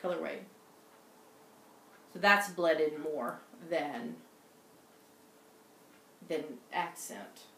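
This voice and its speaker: Chatting from home in Scotland, this middle-aged woman co-hosts a laid-back knitting podcast with her daughter, wandering through the conversation with lots of fillers and false starts. She has a deep, bright, forceful voice and speaks very slowly, pausing often. The room echoes noticeably, and there's a faint background noise.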